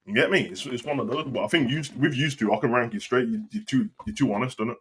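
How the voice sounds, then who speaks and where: A man chatting on a podcast in slangy, animated bursts with lots of repeats. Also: mid-range voice, fast, husky. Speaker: co-host. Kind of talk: casual podcast chat.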